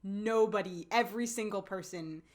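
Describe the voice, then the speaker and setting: A woman co-hosting a podcast, chatting casually and excitedly about a drama, full of fillers and acted-out lines. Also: medium pitch, moderate pace. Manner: bubbly, lots of fillers, acts out characters' lines. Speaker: podcast co-host. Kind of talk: casual chat recapping a drama.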